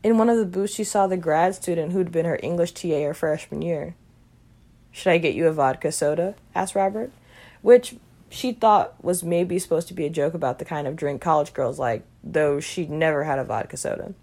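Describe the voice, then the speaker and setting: Low, gravelly woman reading a story. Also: fairly quick, warm tone. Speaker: reader. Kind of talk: reading a short story aloud.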